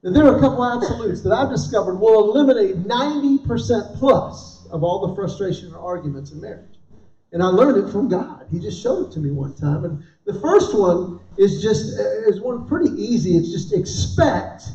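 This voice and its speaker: With a high voice at normal speed, a man in his fifties does stand-up comedy at a church event, acting out the quoted dialogue of the people in his lively stories. He performs before a live audience in a large hall, captured in a roomy, distant, dull recording.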